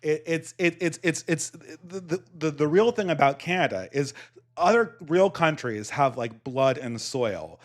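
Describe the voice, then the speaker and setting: A man's voice: a little high, expressive, a little slow. A man with a Californian accent and a slight lisp, telling rambling stories with many restarts as a podcast host. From United States. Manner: rambling storytelling with many restarts and frequent laughs. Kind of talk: casual chat.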